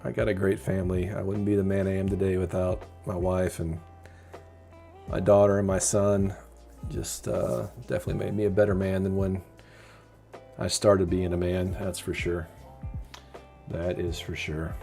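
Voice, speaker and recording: A man's voice: low voice, flat delivery, moderate pace, gravelly, pauses often, dark tone. A middle-aged man hosting a casual live stream, chatty and openly sentimental, reading viewer comments aloud and answering them. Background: faint lo-fi music.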